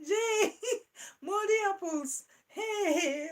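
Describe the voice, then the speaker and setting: A woman hosting a live-stream chat, reading out viewer comments and laughing through her words in a playful, animated way. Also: high-pitched, takes it slowly, long pauses, rough recording. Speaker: channel host.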